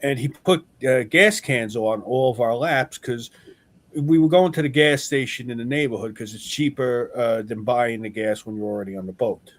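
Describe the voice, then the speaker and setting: A man hosting a podcast in casual chat, telling an animated story with swearing, then arguing his point earnestly. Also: medium pitch, moderate pace. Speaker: podcast host.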